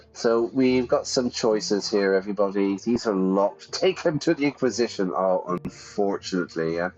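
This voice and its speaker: A chatty man teaches English as he reads through a story game, often checking in with his listeners. His voice sits low, and the recording is slightly dull, with faint music in the background. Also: animated, moderate pace, few pauses, darkish tone. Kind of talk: reading a game aloud with vocabulary comments.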